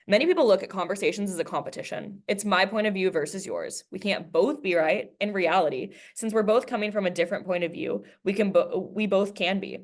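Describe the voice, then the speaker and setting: A woman's voice: medium pitch, brisk, hardly any pauses. A woman teacher giving a recorded class lesson, chatting with students and reading a book aloud, acting out the quoted dialogue. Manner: conversational, acts out quoted dialogue while reading.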